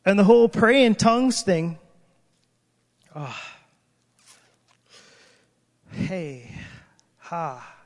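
A man's voice: sits high, lively intonation, extremely slow, long pauses. A man preaching an emotional sermon, crying out in prayer and breaking off mid-sentence. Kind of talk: impassioned sermon. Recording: long hall reverb.

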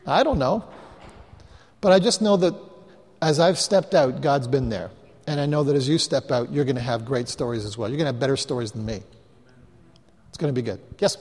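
A man preaching as a pastor, telling chatty, self-mocking stories to his congregation with quick asides. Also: medium pitch, darkish tone. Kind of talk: storytelling sermon to a live congregation. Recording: live hall recording with long reverb.

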